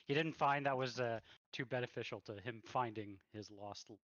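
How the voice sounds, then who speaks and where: A man's voice: medium pitch, normal speed, fairly bright tone, dry recording, dull audio. A man running a tabletop game, chatting casually and thinking aloud over a voice call. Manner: laid-back, thinking aloud. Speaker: game master. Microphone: online voice call.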